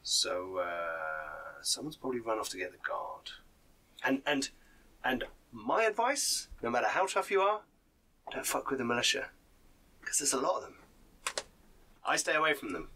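A man's voice: mid-range voice, very animated, moderate pace, long pauses, pushed and bright, recorded from a distance, a little hiss or hum. A game master voicing a shady male informant in a confiding, hesitant manner. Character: shady male street informant, sly and wary. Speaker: non-player character.

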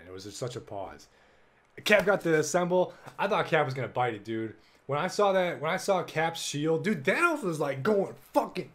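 A young man hosts a casual solo podcast at a brisk pace, excitable and swearing a lot, lurching between loud bursts and low mumbles.

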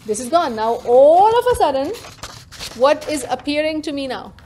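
A woman teaching a religious lesson to a class, animated and interactive, often questioning her listeners directly. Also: sits high, normal speed, a little hiss or hum. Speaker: Quran teacher.

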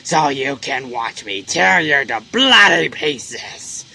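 A man voicing a sinister, cruel little flower creature with a low, strained growl, reading game dialogue in a mocking, menacing way. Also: animated, takes it slowly, creaky, pushed and bright, heavily acted.

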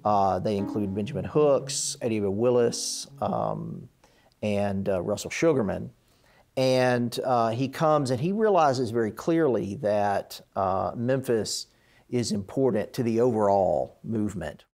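A man explaining history in an interview, thoughtful and pausing with fillers. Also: lowish voice, animated, gravelly, a little mellow, soft background music.

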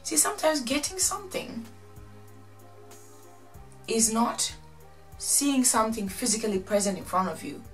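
A woman casually recapping and commenting on a reality show, chatty and animated, acting out what the people said. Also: fairly high pitch, unhurried, long pauses, faint music behind. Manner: chatty, animated, quotes people in exaggerated voices.

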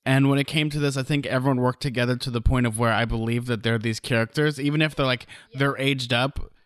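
A man co-hosting a podcast in casual chat, relaxed and chatty, often finishing his co-host's sentences. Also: medium pitch, fast, smooth, no echo. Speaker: podcast co-host.

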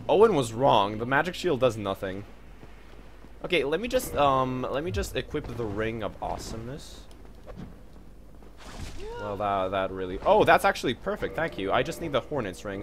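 A man playing a video game and commenting, excitable and swearing, trash-talking the enemies. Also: medium pitch, normal speed, soft background music. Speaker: gaming video host. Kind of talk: let's play commentary.

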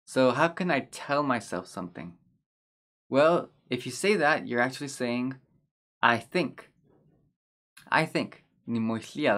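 A man teaching a language lesson over slides, patiently repeating words slowly. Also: mid-range voice, a bit bright. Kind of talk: explaining vocabulary over slides.

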